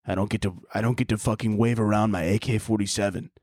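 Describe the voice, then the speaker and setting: A man putting on a lower voice to play a mopey male militant who complains about his desk job. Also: fairly even intonation, fast, a little mellow, no room sound, studio quality, lightly acted. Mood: grumbling.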